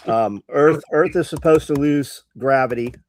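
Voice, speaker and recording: A man's voice: on the high side, a little slow, darkish tone. A man co-hosting a casual live talk show, speaking with hesitant starts. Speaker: co-host.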